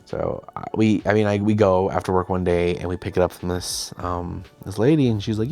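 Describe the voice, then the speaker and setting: A man's voice: on the low side, fairly quick, a little mellow, soft background music. A young man hosting, casually telling a behind-the-scenes story, chatty and self-deprecating, often quoting himself and others. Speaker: host.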